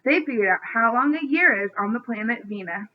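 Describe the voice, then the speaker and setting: A woman's voice: fairly high pitch, animated, brisk, slight background noise, natural voice. A woman voicing an eager young guide who explains things, heard over a tinny phone-like line. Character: friendly local boy guide, eager.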